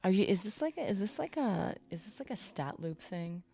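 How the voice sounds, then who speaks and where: A woman's voice: medium pitch, big pitch swings, brisk, creaky, mellow. A woman streaming a game, chatting casually to her viewers as she plays and rambling from topic to topic. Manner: chatty, rambling, talks to chat while playing. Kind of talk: casual live-stream commentary.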